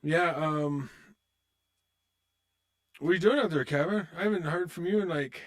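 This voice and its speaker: A man with a somewhat high voice streams online poker at a moderate pace, leaving long pauses. He mutters and swears to himself about his hands, then chats with viewers in an upbeat, loose, joking way, all casual live-stream commentary.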